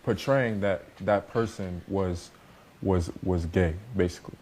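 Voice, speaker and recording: A man on a panel discussion, speaking in a halting, hesitant way with many restarts. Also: sits low, darkish tone, a little hiss or hum.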